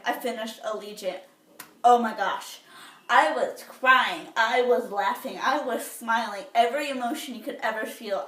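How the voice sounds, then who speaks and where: A woman's voice: high voice, a bit bright. A teenage girl chatting casually to the camera, bubbly and rambling with lots of fillers and restarts. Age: teens. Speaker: vlogger. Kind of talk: casual chat. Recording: echoey room, somewhat far from the mic.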